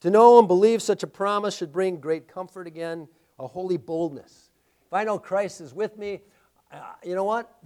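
Man, pastor, middle-aged, high-pitched, animated sermon, loud emphasis and quiet stories. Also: normal speed, long pauses. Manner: animated preaching, swings from loud emphatic to hushed storytelling.

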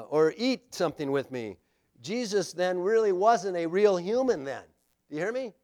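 A man preaching a sermon, acting out scripture passages and swinging between loud declarations and hushed asides. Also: a little high. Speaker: pastor.

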